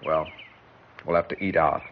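A man's voice: a bass voice, fairly even intonation, moderate pace. An actor playing an ambitious young lawyer and husband who speaks curtly and scolds his wife. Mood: irritable. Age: young adult. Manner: curt and irritable, scolding. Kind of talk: dramatic dialogue acting. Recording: muffled vintage recording with faint hiss.

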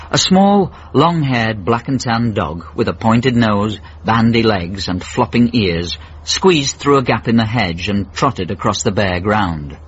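A man's voice: fairly low pitch, husky. A man giving dry, wry scripted narration for a radio drama. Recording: muffled radio broadcast.

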